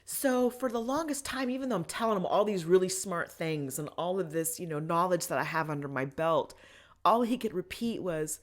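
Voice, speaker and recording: A woman hosts her own podcast and talks straight through a personal story. She is candid and emotional, sometimes rushing ahead and sometimes slowing right down. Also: on the low side, lively intonation. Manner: candid and emotional, with pace swinging between rushed and slow. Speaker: podcast host.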